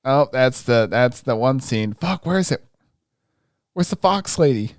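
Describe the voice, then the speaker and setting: A man co-hosting a podcast, chatting casually and excitedly with plenty of swearing as he retells scenes. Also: medium pitch, measured pace, no room sound, studio quality. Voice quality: excitable, profane, retells scenes in quoted voices. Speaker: podcast co-host. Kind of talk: casual chat recapping an anime.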